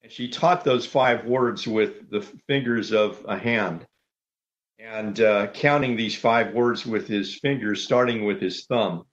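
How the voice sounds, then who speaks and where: A man preaching a sermon as pastor, measured and orderly, laying out numbered points. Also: on the low side, dull audio.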